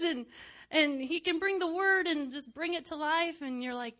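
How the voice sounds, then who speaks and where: A woman preacher chatting casually in a goofy, giggly way, laughing often and sometimes dropping to a hushed aside. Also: high-pitched, normal speed. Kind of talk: casual personal chat.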